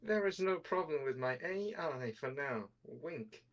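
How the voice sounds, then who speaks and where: A man's voice: fairly high pitch, animated, unhurried, a bit bright, dull audio. A man voicing a cheerful young female AI streamer, bubbly and teasing, in a fan story reading. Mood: cheery.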